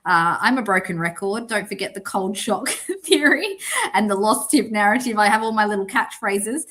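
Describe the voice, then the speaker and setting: A woman's voice: medium pitch, animated, moderate pace, a bit bright, slight background noise. A woman, hosting a casual livestream chat and laughing often. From Australia. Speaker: podcast host.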